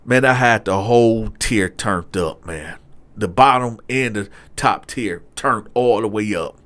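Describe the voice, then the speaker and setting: A middle-aged man casually telling a story, swinging between loud acted-out voices and low hushed asides. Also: measured pace. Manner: animated, acts out other inmates in loud raised voices. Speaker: storyteller, channel host.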